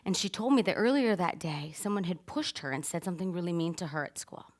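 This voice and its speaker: A woman, probably in her thirties, telling a personal story to an audience, animated and acting out the moments she describes. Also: on the low side, fast. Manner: animated, acts out voices and screams in her story. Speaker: speaker giving a stage talk.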